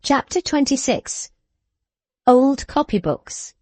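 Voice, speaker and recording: A woman narrating a classic novel as an audiobook, in an even, unhurried storytelling manner. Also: high-pitched, husky, dry recording. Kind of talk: scripted narration.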